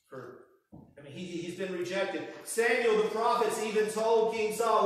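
Guy preaching a sermon, high voice, acts out the lines, big echoey hall, mic far off. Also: moderate pace. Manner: animated storytelling, acting out voices. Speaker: pastor.

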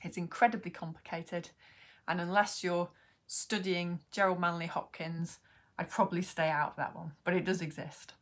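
A woman's voice: lowish voice, steady tone, moderate pace. A woman who is a poet, hosting an online poetry workshop for beginners and explaining things in a friendly way, with frequent ums. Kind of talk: online poetry lesson to camera.

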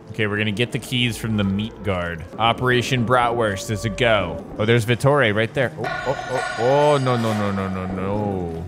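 A young man giving excitable, joking gameplay commentary. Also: on the low side, moderate pace, few pauses. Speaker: YouTuber. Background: game music.

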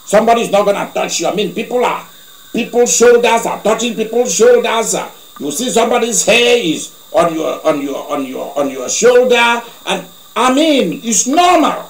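A male preacher telling a story in a sermon, animated, with laughing asides. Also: sits high, moderate pace, vocal fry. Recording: echoey room.

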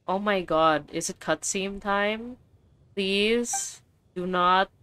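A young woman streamer giving casual, excitable commentary while she plays a game, swearing and laughing often. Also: mid-range voice, takes it slowly, clean tone, no echo.

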